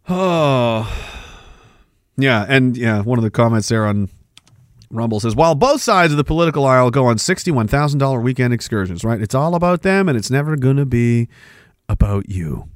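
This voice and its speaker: A man's voice: medium pitch, animated, normal speed, pauses often, dry recording, clean studio sound. A man from Canada hosting a livestream, ranting angrily and sarcastically and reading viewer comments. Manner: angry, sarcastic, profane ranting. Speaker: livestream host reading chat.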